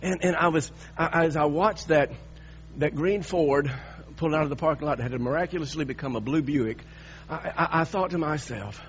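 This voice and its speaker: A man's voice: a little high, normal speed. 60ish guy preaching, storytelling, restarts a lot, muffled audio w/ some hum. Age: 60s. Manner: animated storytelling with repeated restarts. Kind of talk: sermon with personal story.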